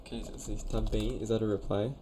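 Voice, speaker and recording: Speaking quickly in a low-leaning, warm but flat voice, a young man in college chats casually on stream. He reviews conlangs from his audience, reading their messages aloud and pronouncing invented words, with slight noise in the background.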